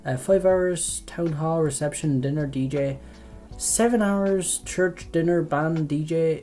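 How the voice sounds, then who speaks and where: A young man with an Irish accent talks his way through a quiz in a loose, rambling chat, swearing often and trailing off. His voice is mellow and warm, with faint music somewhere behind him. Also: fairly high pitch, takes it slowly. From Ireland. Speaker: vlogger doing a quiz. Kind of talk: casual chat.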